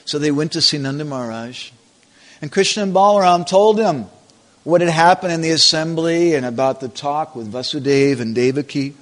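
A man retelling a devotional story as a preacher, deliberate and measured. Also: a little high, fairly bright tone. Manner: slow, deliberate, chants scripture verses.

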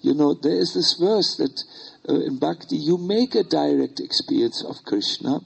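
A man's voice: fairly high pitch, moderate pace, creaky, breathy edge, low-quality recording. An older man with a German accent, a German native speaker, giving an informal, hesitant talk with many fillers to a retreat group as a spiritual teacher.

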